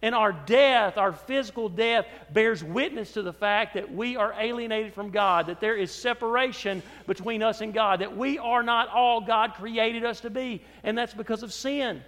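High-pitched guy preaching in church, goes loud then drops way down soft, long echo in the room. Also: normal speed, hardly any pauses. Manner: preaching with swings between loud emphasis and soft low asides. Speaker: pastor. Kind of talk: sermon.

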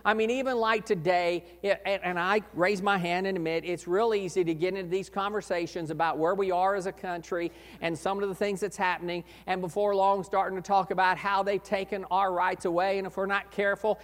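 A man preaching a sermon as pastor, earnest, swelling to loud emphasis and dropping low again. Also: flat delivery, brisk, few pauses. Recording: echoey hall reverb.

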